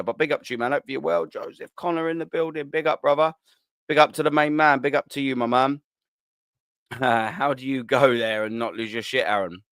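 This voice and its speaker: A man hosting a casual live stream, giving shout-outs to viewers in slang and swearing freely. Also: medium pitch, smooth, no echo, clean studio sound. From England. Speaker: livestream host reading chat.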